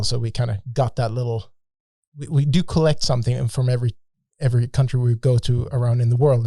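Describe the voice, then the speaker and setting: Mellow-voiced man telling a travel story. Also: mid-range voice, no echo, studio quality. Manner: animated, joking, many restarts. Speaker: podcast guest.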